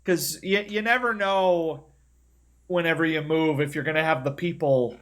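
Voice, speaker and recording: Slightly high-voiced guy co-hosting a podcast, casual chat, kinda halting and hesitant. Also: a bit bright. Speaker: podcast co-host.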